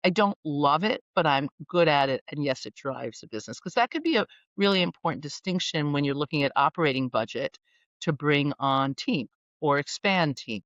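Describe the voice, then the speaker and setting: A woman coach talks with animated, playful energy and a love of wordplay. Her voice comes through muffled and a little dull. The room sounds dry, with no echo. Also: low voice, moderate pace. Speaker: guest executive coach. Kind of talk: conversational podcast interview.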